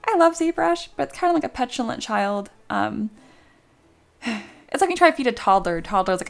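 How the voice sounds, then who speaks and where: A woman with a slightly high, gravelly voice talks fairly quickly with lively intonation while streaming a 3D sculpting tutorial. She jokes around, explains each step, and reads viewers' chat messages aloud to answer them.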